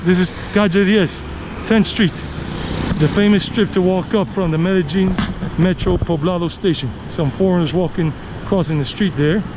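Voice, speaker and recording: Chatty guy narrating a walking tour outside, voice a bit high, traffic going by behind him. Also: normal speed. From United States. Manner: rambling, chatty, repeats himself. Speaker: tour guide vlogger. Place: city street outdoors, walking. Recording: outdoor street recording with traffic noise. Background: city traffic and street ambience.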